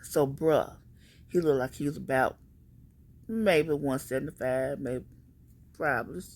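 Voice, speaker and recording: Husky-voiced woman telling a story. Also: extremely low pitch, measured pace. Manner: animated, emphatic, conversational. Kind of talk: casual storytime vlog.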